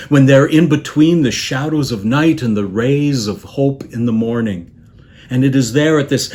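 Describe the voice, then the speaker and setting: This mid-range male voice belongs to a bishop giving a sermon, thoughtful and unhurried, often stopping and letting lines drift off quietly.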